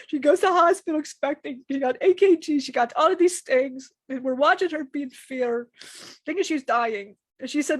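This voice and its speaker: A woman delivers a channeled spiritual message in a high voice. Her speech is emotional and halting, full of restarts and repeated words. The recording is dry and close. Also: no echo.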